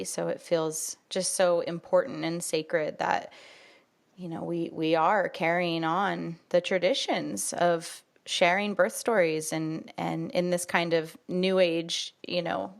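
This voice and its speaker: A woman hosting a podcast, speaking earnestly and warmly affirming, with many "you know" fillers. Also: lowish voice, gravelly. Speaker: podcast host. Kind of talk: casual conversation.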